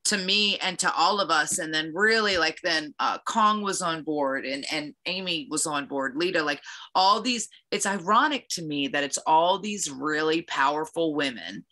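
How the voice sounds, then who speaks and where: Earnest low-pitched woman, bright tone. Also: normal speed. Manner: earnest and reflective. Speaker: podcast co-host. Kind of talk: casual chat.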